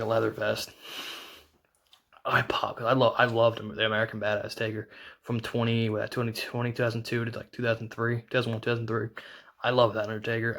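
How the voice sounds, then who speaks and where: A man giving a casual, excited recap as a wrestling reviewer, rambling with lots of restarts and fillers. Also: medium pitch. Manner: rambling, fast retelling full of "like" and restarts.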